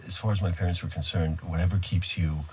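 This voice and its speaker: A man's voice: low voice, fairly even intonation, quick pace, a little mellow, slightly rough. A middle-aged man, raised in the United States, telling stories from his life as an actor in a casual interview, wry and self-deprecating. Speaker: actor, guest.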